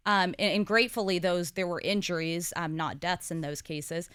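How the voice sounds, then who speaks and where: A woman in her thirties talks through her experiences in a candid, conversational podcast chat. Her voice sits fairly low and sounds smooth and clear. It is recorded close and dry, with no room sound. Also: fairly even intonation, fairly bright tone, dry recording. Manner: candid and quick, with frequent laughs and fillers. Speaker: co-host and guest.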